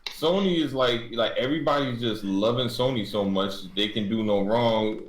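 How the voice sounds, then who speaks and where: A man's voice: mid-range voice, normal speed. A man co-hosting a casual gaming podcast, ranting in a loose, joking, profane way. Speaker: podcast co-host. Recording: roomy echo.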